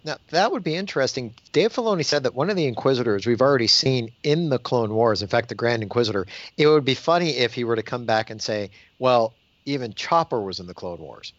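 A man chats in a podcast in a relaxed, affirming way. His voice sits at an average pitch. The sound is dry and lo-fi. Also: quick pace, hardly any pauses, no room sound. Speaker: podcast co-host. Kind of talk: casual chat.

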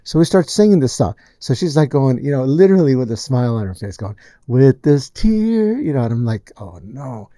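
A man's voice: medium pitch, quick pace, hardly any pauses, dry recording. A man who produces music, telling a studio story in casual chat and acting out the lines he quotes. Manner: animated storyteller, acts out quotes.

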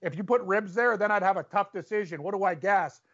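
A man's voice: high-pitched, brisk, fairly bright tone. A man co-hosting a casual sports podcast, chatty and agreeable, often chiming in with "yeah". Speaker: podcast co-host. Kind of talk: casual chat. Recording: dull lo-fi audio.

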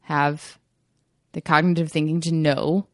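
A young adult woman co-hosting a podcast, telling stories in a casual, animated way and acting out quotes. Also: low voice, measured pace, no room sound, clean studio sound. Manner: animated storyteller who acts out quotes. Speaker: podcast co-host. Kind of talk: casual storytelling chat.

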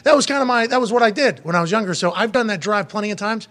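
Animated man hosting a sports show. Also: high voice. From Pittsburgh area. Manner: animated, joking, quick bursts. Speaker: sports podcast host. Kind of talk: casual sports talk.

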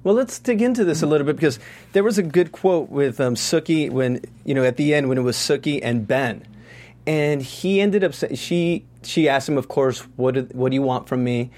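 A man's voice: mid-range voice, moderate pace, a little mellow. A man hosting a TV recap talk show, upbeat and chatty as he leads the discussion. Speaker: host.

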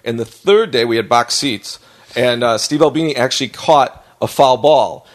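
A man's voice: medium pitch, moderate pace. An American man hosting a podcast, telling a rambling story in casual chat, laughing often and acting out quotes. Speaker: podcast host.

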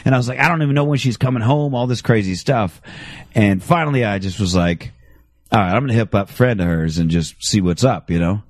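A man's voice: on the low side, fast, no room sound, studio quality. A young adult man telling a story in casual chat, acting out the quoted dialogue as he goes. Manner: animated, acts out quoted dialogue with voice shifts.

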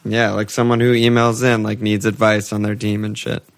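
A man co-hosts a podcast in a loose, rambling chat. He swears freely and breaks into laughter, and his voice sits a little low. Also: little pitch movement, normal speed, gravelly. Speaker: podcast co-host. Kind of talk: casual chat.

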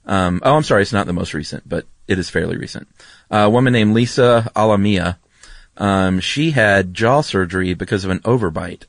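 A man co-hosting a podcast, relaxed and rambling as he explains things. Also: sits low, brisk, no echo. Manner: relaxed, rambling, lots of ums and asides. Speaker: podcast co-host. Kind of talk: casual chat.

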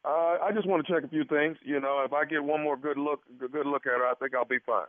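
A man's voice: fairly high pitch, steady tone, fast, dry recording, lightly acted. A man playing an awkward male gynecologist who stammers and hesitates through a phone call. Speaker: prank caller. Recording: tinny phone line.

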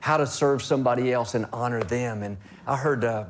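A man's voice: mid-range voice, a little fast, a little hiss or hum. Male host of a faith talk show, encouraging tone, leans on scripture.

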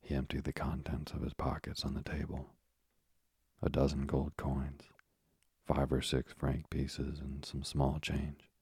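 Deep gravelly husky male narrator. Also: dry recording, studio quality. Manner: low, even, measured reading with soft, half-whispered passages. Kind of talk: audiobook reading of a classic novel.

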